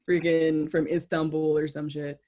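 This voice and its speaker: A woman's voice: low voice, little pitch movement, unhurried, dark tone. A woman co-hosting a podcast, chatting casually and bluntly about a TV show, with plenty of swearing and laughing asides. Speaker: podcast co-host.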